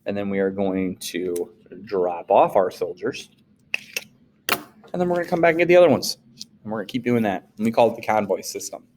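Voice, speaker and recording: A man, a social studies teacher, giving a casual classroom lecture, animated and playful, jumping into quick acted-out voices. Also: slight background noise. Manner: animated, acts out quoted voices with big pitch jumps.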